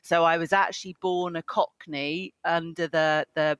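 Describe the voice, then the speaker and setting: A man's voice: on the high side, flat delivery, measured pace, a bit bright, smooth, no room sound. A man, a psychotherapist telling his life story in a chatty, self-deprecating way as an interview guest. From England. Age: 50s. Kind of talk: interview conversation.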